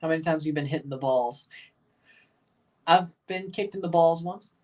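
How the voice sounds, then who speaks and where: A woman's voice: low-pitched, normal speed, darkish tone, distant mic. A woman hosting a casual livestream watchalong, calling scores and plays in an offhand way and swearing at big moments. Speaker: watchalong host. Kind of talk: casual live match commentary.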